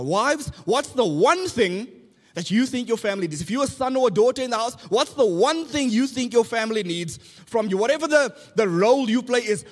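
A man, a pastor giving a conversational sermon full of rhetorical questions and light humor. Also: sits high. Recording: long church hall reverb.

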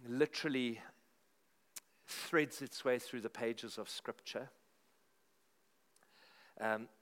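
A middle-aged pastor, preaching a sermon. His delivery is conversational and lively, and he drives his points home through emphatic repetition. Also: medium pitch.

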